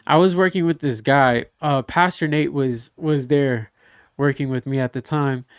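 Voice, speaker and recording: Podcast host, man, smooth but gravelly voice, dry close mic, tells stories and asks follow-ups. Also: mid-range voice, moderate pace, no echo. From Southern United States. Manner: animated storyteller, acts out quoted dialogue; asks probing follow-up questions. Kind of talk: casual interview chat.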